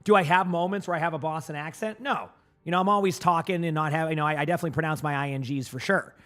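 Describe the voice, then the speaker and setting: This fairly bright, higher-pitched man from Massachusetts has no regional accent. He chats loosely with his live-stream audience, stuffing his talk with fillers and firing back fast replies to viewers.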